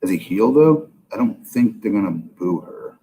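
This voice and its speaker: A man with a low, mellow voice gives blunt wrestling opinions in casual podcast talk. He sounds exasperated and fires off quick asides, over a faint hiss. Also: lively intonation, rough recording. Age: older. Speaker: podcast guest, former wrestler. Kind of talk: casual wrestling review chat.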